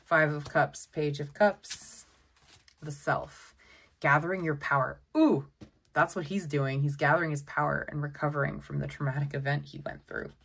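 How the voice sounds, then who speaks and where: A woman giving a casual tarot deck walkthrough, chatty and excitable, often exclaiming over the cards. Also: deep voice, moderate pace, vocal fry, a little hiss or hum. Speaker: tarot content creator.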